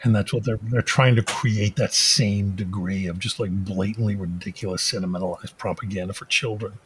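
A man's voice: lowish voice, fairly even intonation, fairly bright tone, slight background noise. A man co-hosting a podcast in casual chat, sarcastic and joking. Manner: sarcastic, quick jokey asides. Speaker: podcast co-host.

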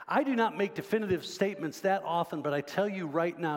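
A man's voice: high-pitched, fairly quick, in a large hall. A man preaching a sermon as pastor, talking conversationally and quizzing the congregation. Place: church sanctuary.

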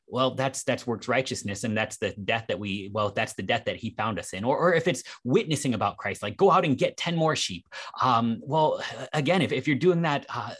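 A man, a pastor co-host, working through ideas about faith in a casual conversation. His voice is slightly husky and sits at a middle pitch. He reasons aloud thoughtfully and often restarts his sentences.

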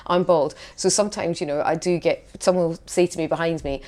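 A middle-aged Scottish woman, a podcast guest who tells lively stories and laughs easily. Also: on the low side, brisk. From Scotland. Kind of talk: casual interview chat.

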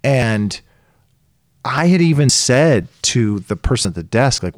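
Animated man telling a story, dry sound. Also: mid-range voice, moderate pace, no room sound. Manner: animated storyteller, acts out quoted voices. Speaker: podcast co-host telling a story. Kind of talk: casual chat.

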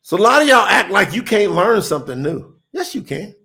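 A man's voice: high voice, sing-song, fairly quick, vocal fry, pushed and bright. A middle-aged man, preaching in an emphatic, repetitive, folksy way during a livestream sermon to online viewers.

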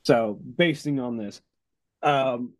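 A man running a tabletop game as game master, describing the world in an unhurried way with frequent fillers. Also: mid-range voice, no echo.

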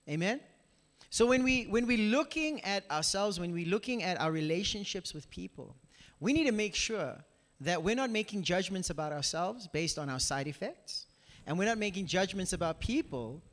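A young man preaching a casual, animated sermon in a church, talking straight to the congregation with lots of asides. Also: sits high, long reverb tail. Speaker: pastor. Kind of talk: conversational sermon.

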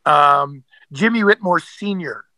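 A man's voice: on the high side, animated, slow pace, bright, forceful tone, no echo, low-quality recording. A man, an actor, telling stories as a guest in a casual interview, rambling with many fillers and restarts.

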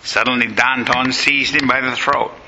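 Male lecturer with a gravelly voice telling history vividly over faint background noise. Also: medium pitch, fairly even intonation, normal speed, poor audio. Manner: vivid storytelling, acts out quotes.

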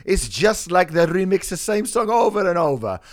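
A man voicing a petulant, outraged male reviewer in a put-on Italian accent, ranting high and shouty. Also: sing-song, normal speed. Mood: indignant.

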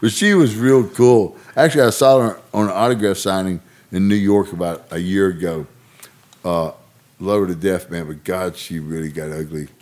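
Male podcast co-host, low voice, loose laughing storyteller. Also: normal speed, darkish tone. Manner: rambling, laughing storyteller who acts out quotes. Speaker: podcast co-host, former wrestler. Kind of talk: casual storytelling chat.

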